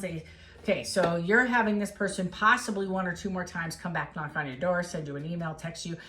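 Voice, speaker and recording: A woman's voice: fairly low pitch, a bit bright. A woman giving a casual tarot reading, talking straight to the viewer in an encouraging, emotional way. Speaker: tarot reader.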